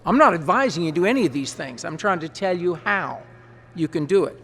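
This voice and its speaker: A man who serves as parliamentarian, briefing a large assembly on procedure in a folksy, quick way with chatty asides. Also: on the high side, lively intonation, fairly bright tone, a little hiss or hum. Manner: folksy, quick-talking, explains rules with asides. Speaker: parliamentarian advising delegates. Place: large conference hall.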